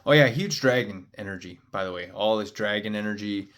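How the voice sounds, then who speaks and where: A man's voice: fairly low pitch, a little fast, fairly bright tone. A man, a spiritual card reader, telling a meandering story in casual talk, full of "uh" and "like". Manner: meandering, heavy on "uh" and "like" fillers.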